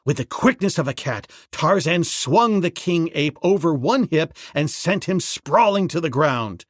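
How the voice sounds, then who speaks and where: A man narrating an adventure audiobook in a dramatic, measured way. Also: a little high, expressive, no room sound, studio quality.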